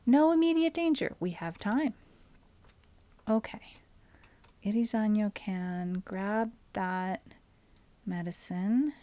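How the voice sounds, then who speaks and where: Woman streamer, unhurried game commentary, mutters under her breath between remarks. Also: medium pitch. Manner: thinks aloud, often drops to a soft mutter. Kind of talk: casual gameplay commentary.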